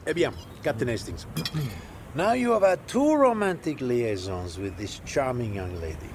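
An actor playing a jovial, fussy, middle-aged Belgian detective in an audio drama, speaking with a put-on Belgian French accent in a deliberate, teasing way sprinkled with French words. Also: male voice, mid-range voice, very animated, a little hiss or hum.

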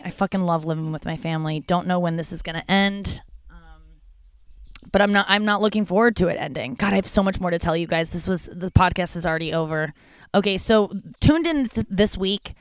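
A woman's voice: medium pitch, clear, resonant tone, no echo. Candid, rambling woman podcast host. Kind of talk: casual comedic monologue.

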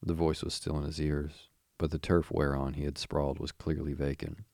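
Very deep, gravelly male narrator. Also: little pitch movement, moderate pace, a little mellow, no echo, studio quality. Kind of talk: audiobook narration.

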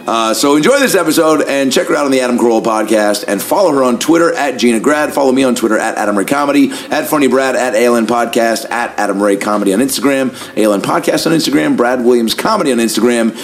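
A man hosting a podcast, talking in a casual, energetic monologue full of swearing and fillers. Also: mid-range voice, fast, hardly any pauses. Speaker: podcast host.

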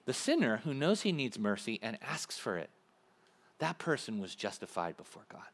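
A man preaching a sermon in a conversational, animated way, acting out little asides to the congregation. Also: medium pitch, moderate pace. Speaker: pastor.

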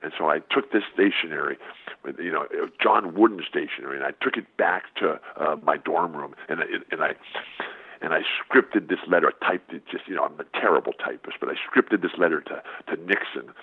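A man's voice: extremely low pitch, brisk, breathy edge. An older man, a former basketball player, telling stories as an exuberant interview guest with emphatic repetition. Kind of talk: animated storytelling interview. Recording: phone-like narrow band.

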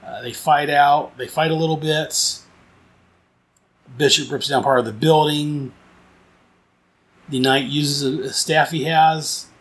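A man's voice: fairly high pitch, steady tone, takes it slowly, pauses often. A man casually reviewing a comic book, rambling and enthusiastic, with frequent restarts and fillers.

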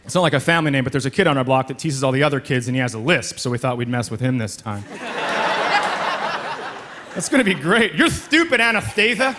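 A man's voice: mid-range voice, expressive, fast talker, long pauses. A man in his thirties doing a sarcastic stand-up comedy set on a club stage, jumping into mocking voices. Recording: live club recording with crowd laughter and noise.

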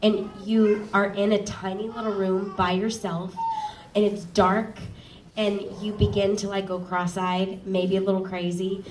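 A woman's voice: medium pitch, flat delivery, measured pace. Chatty woman speaking on a panel. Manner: chatty, giggly, many ums. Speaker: audiobook narrator on a panel. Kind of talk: casual panel talk. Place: live event stage. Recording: roomy, distant mic, faint noise.

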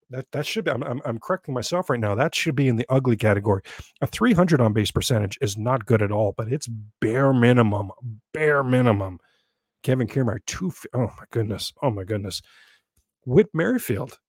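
A man's voice: medium pitch, no room sound. Guy doing a solo sports rant, mid voice, keeps getting worked up, dry close sound. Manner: animated, exasperated outbursts and self-interrupting restarts. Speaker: sports podcast host. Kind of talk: solo sports talk commentary.

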